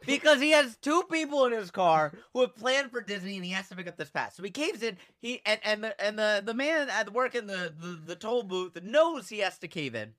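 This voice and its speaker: A man co-hosting a podcast, chatting casually and telling an animated story while acting out the people in it. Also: sits high, brisk, hardly any pauses. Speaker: podcast co-host.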